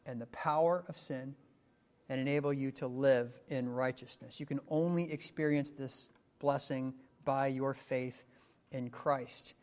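Male pastor, sermon delivery, slightly higher voice, builds to emphatic questions. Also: a little mellow. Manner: emphatic preaching, rising to stress questions.

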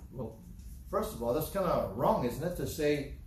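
A male preacher with a higher voice delivers a sermon in an echoey hall, heard from a distance off the mic. His pitch leaps up and down as he drives home rhetorical questions. He reads scripture aloud between them, with faint room ambience behind him. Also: animated, brisk, darkish tone, slight background noise.

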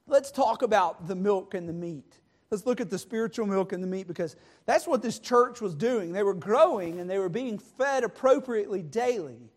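A man preaching a sermon, moving from calm, plain teaching into impassioned, shouted pleas. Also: high-pitched.

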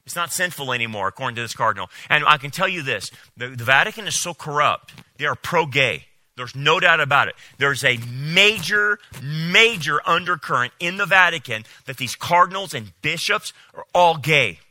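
A man preaching a sermon as a pastor, animated and incredulous, often mocking what others say. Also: a little high, moderate pace, hardly any pauses, no echo.

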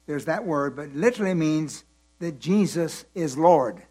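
A preacher teaches from the Bible slowly and deliberately, repeating his points and letting the congregation fill in words. His voice is tired at the end of the day, fairly high in pitch, animated, darkish in tone, and edged with breathiness.

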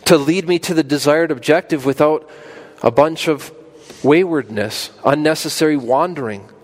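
Man preaching an earnest sermon. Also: moderate pace. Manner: earnest preaching, rising to emphatic peaks then dropping soft and low. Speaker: pastor.

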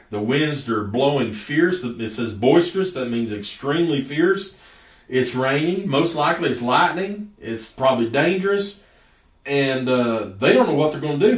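A man preaching a sermon in a folksy storytelling way, stretching out words for emphasis. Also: medium pitch. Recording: echoey room from a distance.

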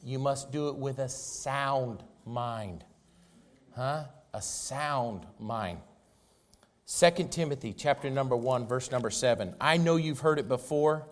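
A man preaching a sermon, emphatic and repetitive, swinging from loud declarations to soft asides. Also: mid-range voice, slow.

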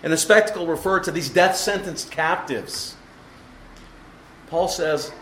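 A man's voice: on the high side, measured pace, long pauses, fairly bright tone, a little hiss or hum. A man preaching an expository sermon, explaining the text emphatically and asking the congregation rhetorical questions. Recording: echoey room with faint ambience.

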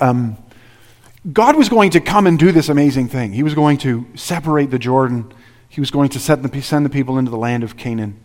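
A man's voice: medium pitch, a little mellow. A man preaching a sermon as pastor, earnest and driving his points home with repeated rhetorical questions. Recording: reverberant hall.

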